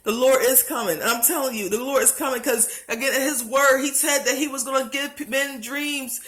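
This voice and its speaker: A woman's voice: sits high, fairly even intonation, a little fast, a bit bright, echoey room. A woman, emotionally recounting a religious dream, close to tears, pleading and repeating herself. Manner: earnest, repetitive, pleading, many restarts. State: heart racing, close to tears. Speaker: vlogger sharing a religious dream. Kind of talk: emotional testimony to camera.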